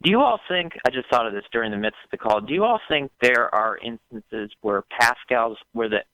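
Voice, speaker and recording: Bright, halting male caller. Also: mid-range voice, animated, dry recording, highs cut off. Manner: halting, repeats words. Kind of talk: call-in conversation.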